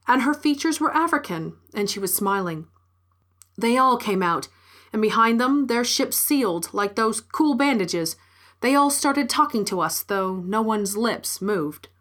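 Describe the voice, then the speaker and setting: A woman narrating a short story in a measured, clear reading. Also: medium pitch, fairly bright tone. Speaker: story reader.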